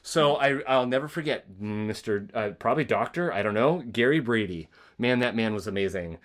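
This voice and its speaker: A man of middle pitch hosts a conversational podcast. He tells a personal story earnestly, with many restarts and asides. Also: normal speed, fairly bright tone. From Spokane, Washington area. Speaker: podcast host. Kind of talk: conversational interview.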